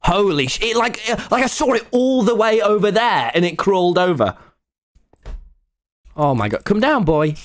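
A young man with a British accent, chattering excitedly and swearing while playing a game on a live stream. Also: high-pitched.

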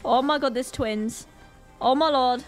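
A woman with a Northern Irish accent giving excitable gameplay commentary, full of panicked exclamations. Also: sits high, unhurried, faint music behind. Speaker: gaming channel host.

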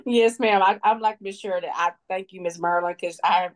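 A woman's voice: medium pitch, steady tone, moderate pace, few pauses. A woman on a group call, laughing often between her words. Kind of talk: casual, emotional thanks.

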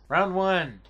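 A host playing a dice game with a guest, teasing and laughing often, over loud music. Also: medium pitch, heavy background noise. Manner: giggly, teasing. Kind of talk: casual game banter.

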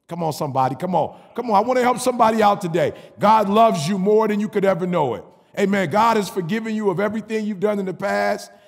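High, raspy-edged male preacher, animated storytelling with call-and-response, in a reverberant hall. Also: quick pace. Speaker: pastor. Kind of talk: sermon storytelling.

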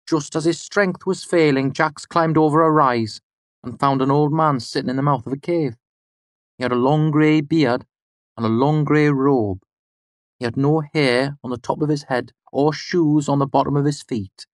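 A male audiobook narrator telling a fairy tale in a measured, rhythmic cadence. His voice sits at an ordinary middle pitch. The sound is dry and close, with no room around it. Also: no echo.

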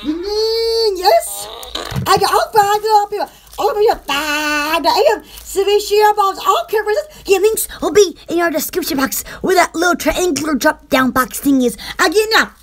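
A woman's voice: extremely high pitch, measured pace. A woman hosting a casual livestream, chatting in a giggly, rambling way. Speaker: channel host.

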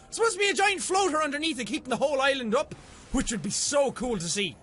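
A very high-voiced man chatting through a game session, his pitch leaping all over the place. His tone is bright and sharp, and he swears and yelps at every scare. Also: fast. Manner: excitable, swears freely, yelps when startled. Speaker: let's play gamer. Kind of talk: casual gameplay commentary.

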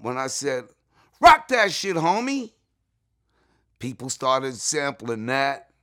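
A middle-aged man from New York telling stories in an interview, excitable and full of asides, often jumping up high when he quotes people. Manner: excitable, repeats "you know what I'm saying", jumps to high voice when quoting. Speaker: interview guest. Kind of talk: animated storytelling.

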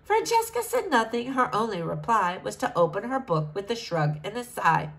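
Expressive woman reading a rhyming storybook. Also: medium pitch, normal speed, slightly rough, low-quality recording. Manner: expressive, sing-song rhyme. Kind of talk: reading a rhyming picture book aloud.

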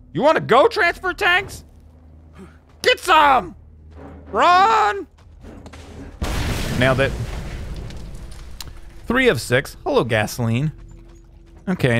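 Man, lively voice, let's play commentary, taunting enemies, faint background hum. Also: mid-range voice. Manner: playful trash talk to enemies, bursts of shouting in fights. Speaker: gameplay commentator.

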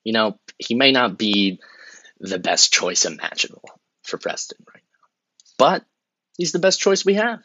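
A man's voice: low-pitched, moderate pace, bright, forceful tone, breathy edge, no echo, highs cut off, exaggerated voice. A man playing a flustered, awkward campaign spokesman in a comedy sketch, stumbling over bad examples and muttering asides.

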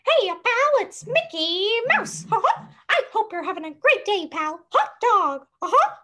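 A woman doing Mickey Mouse, squeaky and chirpy. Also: very animated, measured pace, sharp tone, exaggerated voice. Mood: chipper. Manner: high falsetto, chirpy. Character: squeaky cheerful cartoon mouse, male.

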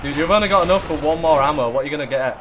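A young man hosting casual co-op gameplay commentary, excitable and jokey, shouting at the big moments. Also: a little high, racing, music in the background. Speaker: gaming channel host.

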